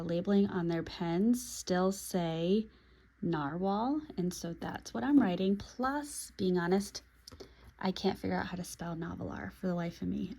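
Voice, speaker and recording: A young woman making a relaxed, chatty vlog about her pens and inks, pausing now and then as she writes. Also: on the low side. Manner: chatty and relaxed, with pauses while writing. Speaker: pen and planner video creator. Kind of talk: casual vlog talk while writing.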